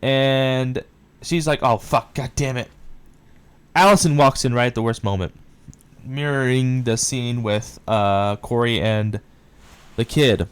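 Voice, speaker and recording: A man talks through a film scene by scene in a loose, casual review. His voice is smooth and clean, his pitch sits in the middle, and he gets worked up and swears freely as he retells it. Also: measured pace. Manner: excitable retelling, swears often. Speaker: movie reviewer.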